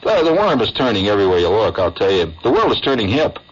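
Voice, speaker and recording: A man's voice: fairly low pitch, sing-song, quick pace, slightly rough. A man telling a rambling, wry comic story as a radio host. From United States. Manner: rambling, conversational, wry, full of asides. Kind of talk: improvised comic storytelling monologue. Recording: dull lo-fi 1970s AM radio aircheck.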